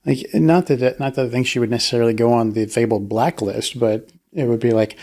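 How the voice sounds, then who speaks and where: Gravelly man retelling a movie plot. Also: brisk, darkish tone. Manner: rambling, many restarts, acts out quotes in a high voice. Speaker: podcast co-host. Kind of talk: casual discussion.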